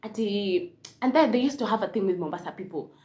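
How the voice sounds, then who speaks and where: Animated young Kenyan woman telling a story. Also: medium pitch, fast. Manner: animated, mixes Swahili and English, laughs often. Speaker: vlogger. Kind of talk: casual storytime.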